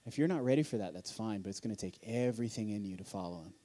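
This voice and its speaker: A man's voice: on the low side, animated, very fast, warm tone. A man giving a sermon at a conference in a hall, preaching earnestly in a conversational way and asking rhetorical questions. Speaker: conference speaker.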